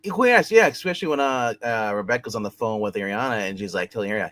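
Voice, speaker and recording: A man's voice: on the low side, expressive, fast, fairly bright tone. A man co-hosting a casual TV review chat, recapping episodes in a rambling way full of repeats and fillers. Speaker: co-host reviewing a TV show.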